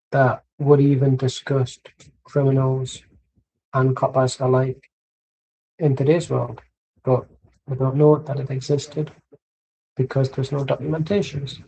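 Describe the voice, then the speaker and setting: A man's voice: mid-range voice, vocal fry, dark tone, slight background noise, rough recording. An English man streaming a football watchalong, chatting in a rambling, tangential way and swearing casually. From England.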